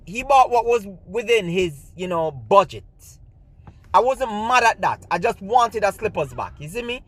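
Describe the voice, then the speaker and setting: This gymnastics coach has a high-pitched, fairly bright voice and a Jamaican accent. As a storyteller, he relates a personal story in a chatty style, mixing in patois and frequently asking "you see me?"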